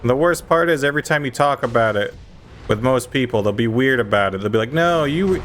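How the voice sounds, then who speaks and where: A man's voice: medium pitch, quick pace, a bit bright, slight background noise. A young adult man streaming a game, chatting casually and ranting with emphatic, mock-outraged insistence. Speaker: gaming streamer.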